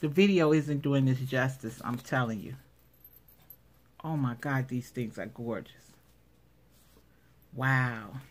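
Gushing low-voiced woman unboxing crafts. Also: takes it slowly, pauses often, a little hiss or hum. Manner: gushing, exclaims over each item. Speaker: craft vlogger showing giveaway prize. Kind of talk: casual unboxing commentary.

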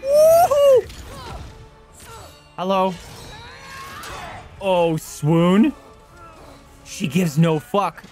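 A high-voiced, excitable young man streaming a game, leaping all over his range as he whoops, swears and yells at the screen. He drawls between outbursts, with faint music playing underneath. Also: unhurried, pauses often. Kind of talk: excited gameplay commentary.

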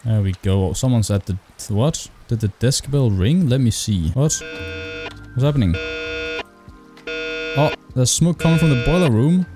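A man's voice: mid-range voice, animated, unhurried, pauses often, music in the background. A man doing let's play commentary on a horror game, reading its dialogue aloud and swearing back at its characters. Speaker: gaming YouTuber.

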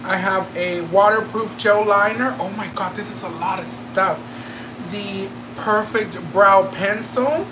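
A woman beauty vlogger chatting through a makeup unboxing, campy and excitable, gasping, squealing and tossing in slangy asides at home. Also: mid-range voice, unhurried, noisy background. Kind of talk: casual makeup unboxing chat.

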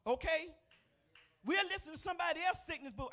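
An older woman pastor shares her personal testimony in the sanctuary, talking folksy and conversational while repeatedly addressing the congregation. Her extremely high voice runs a little fast and shifts between loud, emphatic outbursts and hushed asides.

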